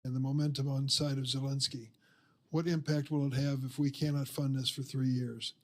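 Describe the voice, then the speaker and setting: A man questioning a witness at a formal hearing in a measured, formal way. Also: medium pitch, flat delivery.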